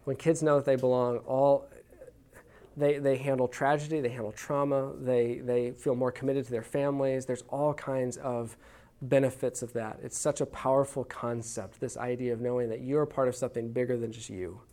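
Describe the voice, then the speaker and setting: He's a man from Texas giving a church parenting class, sincere and down-home, with many restarts while telling stories. His voice is medium-pitched and warm, with a steady tone at a normal speed. Expect conversational teaching laced with stories.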